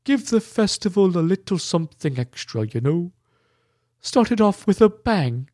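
A man's voice: sits high, big pitch swings, moderate pace, mellow, no room sound, clean studio sound, voice pushed up. A man voicing a stout, tearful middle-aged toymaker who talks in a choked, sobbing way.

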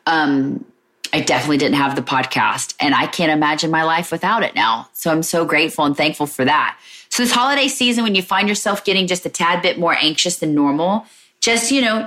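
A woman's voice: fairly low pitch, lively intonation, brisk, sharp tone. A woman hosting her own podcast, talking alone in a candid, searching way and often saying "like" and "you know". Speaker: podcast host. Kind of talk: reflective solo podcast talk.

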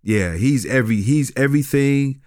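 A man, a pastor talking in a casual interview, halting and repeating words, laughing often. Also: mid-range voice, expressive, darkish tone, dry recording, clean studio sound. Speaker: pastor and guest.

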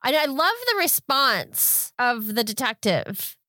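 A woman's voice: fairly high pitch, big pitch swings, takes it slowly, pushed and bright, dry recording, clean studio sound. A woman co-hosting a podcast, reacting and joking casually. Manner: reactive, jokey, laughs often. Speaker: podcast co-host. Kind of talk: casual chat.

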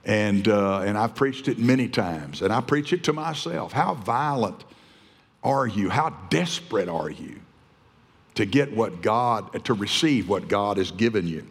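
A man's voice: on the low side, expressive, a little slow, husky. A man preaching a fervent, emphatic sermon, often restarting his phrases. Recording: long hall reverb.

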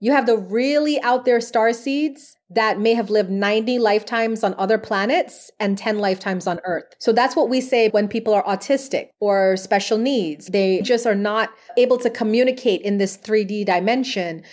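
A woman's voice: mid-range voice, moderate pace, hardly any pauses, a little mellow. A woman speaking as a podcast guest, telling stories about her work as a past life regression therapist in an earnest, chatty way with frequent fillers. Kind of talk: conversational interview answers.

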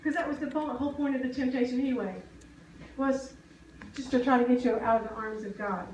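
High-voiced woman preaching in an echoey hall. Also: steady tone, fairly quick, darkish tone, a little hiss or hum. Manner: earnest, conversational, asks the crowd questions. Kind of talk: sermon. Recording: echoey hall, mic at a distance.

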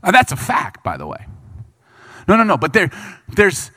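A man preaching a sermon, reading scripture and breaking into quick acted asides as the people he talks about. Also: sits high. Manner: animated preaching, voices Bible figures and people in quick asides. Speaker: pastor.

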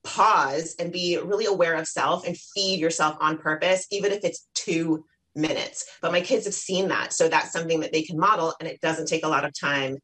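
A woman with a slightly low voice talks as a guest on parenting. She is lively, jumps up in pitch when she quotes herself, and explains things plainly and conversationally. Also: moderate pace, breathy edge, low-quality recording. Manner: lively, warm, plugs her online academy, acts out quotes. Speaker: guest expert on children's self-esteem. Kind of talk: casual interview talk.

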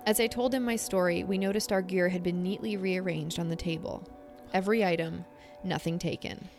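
A young adult woman co-hosting a podcast, reading a scary story and then chatting, with animated, halting storytelling full of fillers. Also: lowish voice, faint music behind. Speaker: podcast co-host. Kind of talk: casual chat and story reading.

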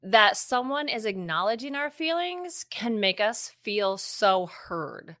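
A woman co-hosting a parenting podcast, talking in an expressive, emphatic, casual way. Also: medium pitch, slow, no echo, studio quality. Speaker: podcast co-host. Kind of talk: casual conversational podcast talk.

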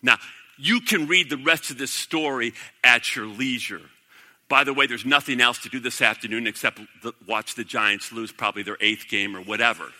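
A man's voice: mid-range voice, moderate pace, bright, forceful tone, big-room sound. A man preaching a sermon, reading scripture aloud and breaking off to comment, rising to emphatic declarations. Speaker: pastor.

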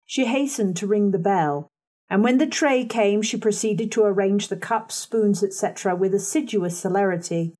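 A woman narrating a classic novel in the first person with a measured, composed reading. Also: medium pitch, dark tone. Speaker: audiobook narrator.

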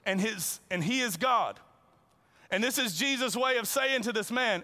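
A male preacher giving an animated, conversational sermon and acting out the dialogue as he goes. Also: very high-pitched, moderate pace. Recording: long reverb in a large hall.

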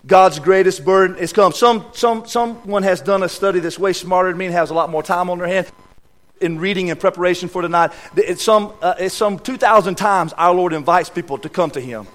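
Emphatic high-voiced male preacher. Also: a little fast. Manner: emphatic, repeats key words, swings between loud and hushed. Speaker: guest preacher. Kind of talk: sermon. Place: church sanctuary.

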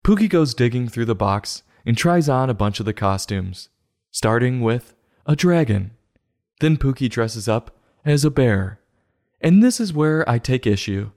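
A man hosts a comic book review show, his voice at a middling pitch. He delivers mock-serious, sarcastic jabs in a deadpan manner. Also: measured pace. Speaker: host.

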